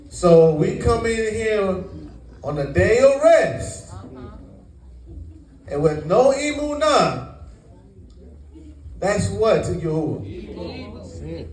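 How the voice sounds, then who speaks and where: In a congregation meeting room, a man teaches scripture by having listeners fill in the words, a call-and-response sermon. His voice sits high and is a little mellow; the recording is echoey with a distant mic.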